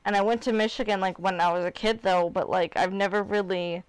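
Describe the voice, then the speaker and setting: Her voice is clear and resonant, medium in pitch, steady in tone, and brisk, captured in a dry recording. She's a woman in her twenties from Illinois, United States, hosting a live stream where she rambles candidly and peppers her casual chat with "like" and "you know what I mean."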